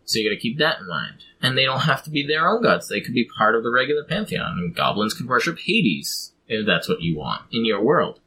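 Bright-voiced man explaining game worldbuilding. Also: mid-range voice, very animated, a little fast, few pauses, a little hiss or hum, low-quality recording. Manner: rambling, explanatory, with frequent ums and laughs. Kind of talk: casual chat about tabletop game design.

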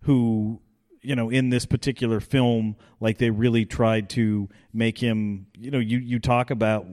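A man's voice: medium pitch, level tone, a little slow, a little mellow. A man co-hosting a casual film commentary podcast, laid-back, swearing freely and using lots of fillers. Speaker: podcast co-host.

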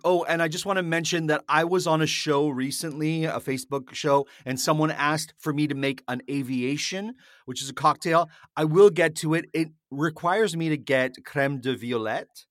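A man's voice: fairly high pitch, a bit bright, no room sound, studio quality. A man hosting a show, chatting casually while he mixes a cocktail and explains each step. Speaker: cocktail-making host. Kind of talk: casual chat while mixing a drink.

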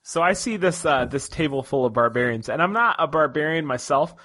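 A man's voice: a little high, animated, brisk, sharp tone. A man playing a tabletop game, joking and laughing often as he describes his character's moves. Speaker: player. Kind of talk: casual tabletop game play.

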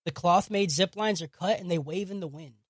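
Casual high-voiced man recapping a show. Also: a little fast, dry recording, clean studio sound. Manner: profane, jokey, narrates scenes with acted quotes. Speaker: podcast co-host recapping an anime. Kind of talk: casual chat.

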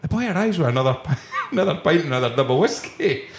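A man's voice: a little high, lively intonation, fast talker, roomy sound, slight background noise. A Scottish man, the podcast host, telling a casual anecdote in the back room of a pub and laughing often as he goes.

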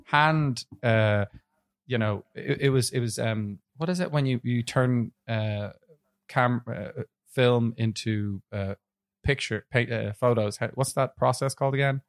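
A man co-hosting a podcast, talking casually about films in a rambling, halting way with frequent fillers. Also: mid-range voice, clear, resonant tone, dry recording, studio quality. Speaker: podcast co-host. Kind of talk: casual film review chat.

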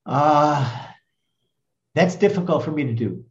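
A man in his seventies from the United States, a rabbi telling stories emphatically in a conversation, swinging from loud to hushed. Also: fairly high pitch, slow, echoey room, highs cut off. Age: 70s. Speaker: rabbi and guest speaker. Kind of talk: animated storytelling in conversation.

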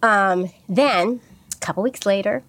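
A woman's voice: mid-range voice, unhurried, no echo. A woman telling a personal story in casual chat, candid and rambling, with many fillers and restarts.

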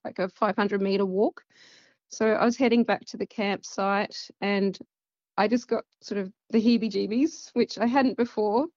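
A woman's voice: medium pitch, darkish tone, no echo, muffled recording. A woman with an Australian accent, telling a personal story in a casual, rambling way full of fillers. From central west Queensland, Australia. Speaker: guest.

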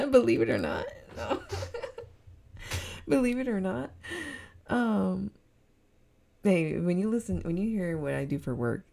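A young woman hosting her own podcast, rambling in a casual solo chat and breaking often into loud giggly laughter. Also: mid-range voice, lively intonation, takes it slowly, vocal fry, long pauses. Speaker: podcast host.

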